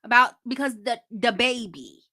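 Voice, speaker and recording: A woman hosting a casual livestream, chatting straight to her viewers with quick restarts. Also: a little high, expressive, bright, forceful tone. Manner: chatty, addresses viewers directly, frequent restarts. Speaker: host.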